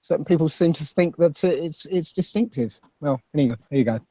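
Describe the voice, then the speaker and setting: A man with a Basildon accent telling a story as a podcast guest, halting and self-deprecating. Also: a little high, dark tone, no echo. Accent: Basildon, Essex. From England. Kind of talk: casual chat.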